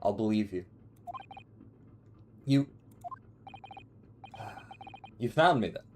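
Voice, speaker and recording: A man's voice: lowish voice, animated, a little slow, a little mellow, slight background noise. A man doing a stern male interrogator with a light Russian accent, speaking in a clipped, menacing, accusing way while reading game dialogue aloud.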